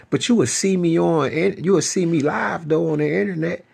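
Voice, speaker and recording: A man's voice: a little high, normal speed, gravelly, a little mellow, slightly rough. A man talking emotionally to the camera about a partner who turned on him, pleading and repeating himself. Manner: pleading, emotional, repetitive address to an ex.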